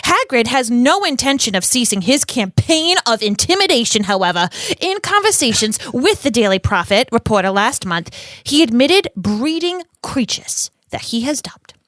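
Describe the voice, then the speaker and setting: A woman's voice: a little high, very animated, normal speed, a bit bright, no room sound. A woman voicing a gossipy, brash female tabloid reporter with a put-on New York accent, reading an article aloud in character and giggling through the lines. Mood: snide.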